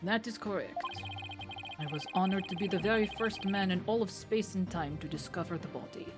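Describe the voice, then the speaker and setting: A woman voicing a pompous, grandiose older male space center director who speaks in booming, self-important proclamations over game music. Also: brisk, natural voice. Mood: haughty.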